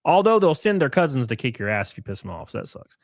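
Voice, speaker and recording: A man's voice: mid-range voice, sing-song, fast, no room sound, studio quality. A man from Alabama with an Alabama Southern accent, hosting a casual livestream, reading chat and rambling with crude joking asides.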